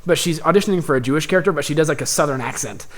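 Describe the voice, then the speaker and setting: A man's voice: on the high side, very fast, fairly bright tone. A young man co-hosting a casual comedy podcast, rambling through an idea and laughing as he talks. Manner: rambling, laughs often, acts out characters in his story. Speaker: podcast co-host. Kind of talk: casual chat.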